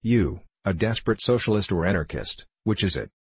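A cold, sneering middle-aged diplomat, read by a man in a very low, husky voice. He talks down sharply and cynically. The sound is close and dry. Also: expressive, a little fast, no room sound, full character voice. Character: mocking, condescending middle-aged male diplomat.

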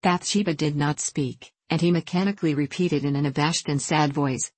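A woman narrating a classic novel in a measured reading voice, voicing each character with small shifts. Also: sits low, a little mellow, breathy edge, no room sound. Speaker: audiobook narrator.

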